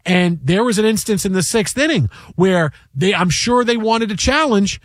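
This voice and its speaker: High-voiced animated male sports host. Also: normal speed, no echo. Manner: animated storyteller, acts out quotes. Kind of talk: casual sports talk.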